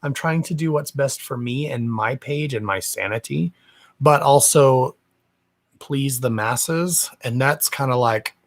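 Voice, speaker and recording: In an unhurried, mid-range voice, a psychic medium hosts a live stream from his home. He keeps it casual and gossipy, cussing without restraint and addressing his audience as darling.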